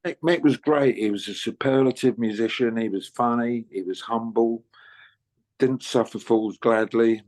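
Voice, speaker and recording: An older man tells stories in a relaxed interview. He rambles a little, drops in "you know" often, and chuckles along the way. His voice sits at an ordinary middle pitch. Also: normal speed. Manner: chatty, anecdotal, laughs often, many "you know"s. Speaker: interviewed musician. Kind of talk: casual storytelling interview.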